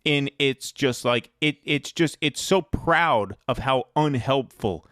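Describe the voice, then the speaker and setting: A man's voice: medium pitch, slow, a bit bright, no room sound, studio quality. A man from the New York City area hosting a political podcast, talking bluntly and with strong opinions. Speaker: podcast host. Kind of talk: casual political podcast chat.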